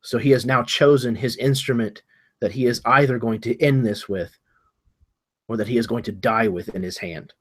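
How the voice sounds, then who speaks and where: Husky-voiced man narrating his character. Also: mid-range voice, a bit bright. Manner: halting, searching for words, repeating himself. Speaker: player.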